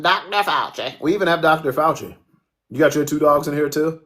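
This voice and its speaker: A livestream host with a fairly high, fairly bright voice, this man keeps a brisk pace. He cracks jokes, curses without restraint and answers chat comments as they arrive.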